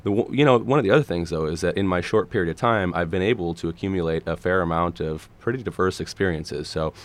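A man in his thirties from Minnesota talks policy as a guest on a radio interview. His voice sits very low and comes out gravelly and a bit hoarse today. He speaks earnestly, stumbling into restarts and fillers as he builds his points. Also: fast talker. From Minnesota, USA. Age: 30s. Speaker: political candidate guest.

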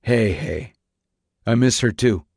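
A man's voice: mid-range voice, slow, creaky, no echo, clean studio sound. A man voicing a worn-out, concerned father who questions and then soothes, in an audiobook reading. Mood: gentle. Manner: tired, questioning, gentle at times. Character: weary middle-aged father, worn out but concerned.

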